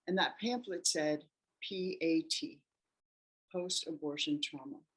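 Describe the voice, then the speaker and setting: A woman guest in an interview telling her personal story in an animated way, acting out the voices of the people in it. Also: deep voice, slow pace. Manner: animated, acts out quoted voices.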